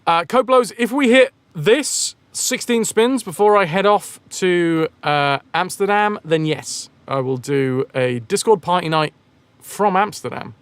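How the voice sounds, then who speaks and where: A man's voice: sits high, a little slow, a bit bright, clear, resonant tone, no room sound. A man chatting casually on a game live stream, rambling and joking as he answers chat messages.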